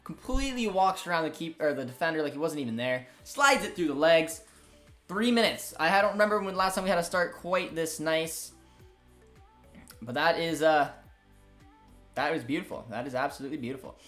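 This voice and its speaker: A young man with a slightly high voice hosts a live match stream, talking in an excited, chatty way and reading out the chat between plays. Faint music plays underneath his voice. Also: a little fast. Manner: excitable, chatty, frequent fillers. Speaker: host of a football watchalong stream.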